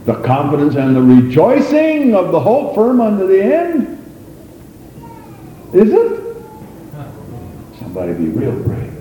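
Man, pastor, fervent sermon, dark mellow tone, booming church echo, long reverb. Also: wildly swooping pitch, measured pace, pauses often, a little hiss or hum. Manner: fervent, rising to high exclamations, calls for amens.

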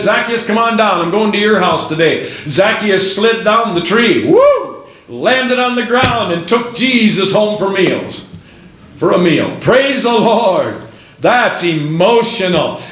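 A man's voice: high-pitched, fairly bright tone, heavy reverb, poor audio. A man preaching a fervent sermon and reading scripture aloud in old-fashioned wording.

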